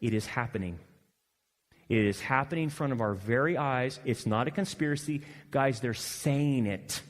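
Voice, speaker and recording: A male pastor preaching a sermon, animated and swinging between loud emphasis and quiet asides. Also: mid-range voice, moderate pace, big-room sound. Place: church hall.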